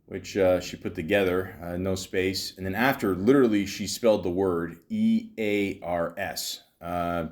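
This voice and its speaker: A man's voice: sits low, measured pace, few pauses. A man hosting a comedy podcast, ranting in exasperation and stammering often. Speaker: podcast host. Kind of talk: comedic commentary.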